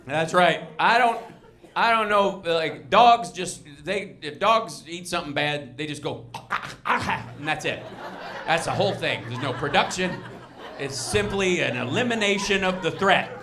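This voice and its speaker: A man performing a stand-up comedy set in a restaurant, telling exasperated stories with loud bursts. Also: fairly high pitch, lively intonation, normal speed. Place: restaurant comedy show with live crowd. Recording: live room with crowd noise.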